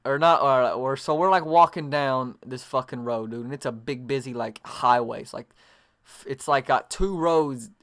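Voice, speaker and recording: A man's voice: mid-range voice, a bit bright. A young adult man telling a long, rambling story to camera, full of profanity and fillers. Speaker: vlogger.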